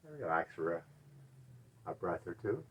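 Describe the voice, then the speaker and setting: Soft-spoken man guiding chair yoga. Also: moderate pace, breathy edge. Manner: gentle, relaxed cueing with frequent quiet "all right"s; often drops to a soft, low murmur. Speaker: yoga instructor. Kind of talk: guided chair yoga class.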